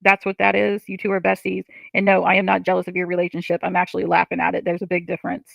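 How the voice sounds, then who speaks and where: A woman's voice: fairly low pitch, monotone, fast talker, creaky, no room sound, highs cut off. A woman on a livestream, reading chat comments and ranting in frustration, swearing often.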